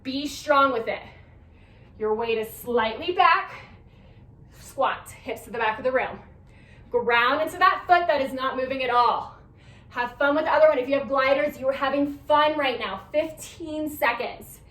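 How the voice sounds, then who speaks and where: A young fitness instructor calls out cues and counts down reps for her class, upbeat though a little breathless. She speaks at a normal speed in a high, fairly bright voice. The distant mic picks up a room with lots of echo.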